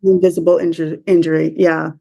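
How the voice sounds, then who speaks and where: A woman from the US speaking as a podcast guest, emotional and halting, often restarting her sentences. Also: lowish voice, flat delivery, creaky, dark tone. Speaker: interview guest. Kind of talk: conversational interview.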